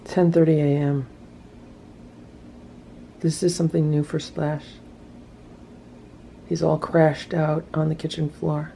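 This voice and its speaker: A woman narrating a casual home video about her cats, soft-spoken and often dropping to a whisper, and cooing at the pets. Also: low-pitched, flat delivery, slow, gravelly, pauses often, a little hiss or hum. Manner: coos at pets in a raised voice. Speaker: cat rescue vlogger.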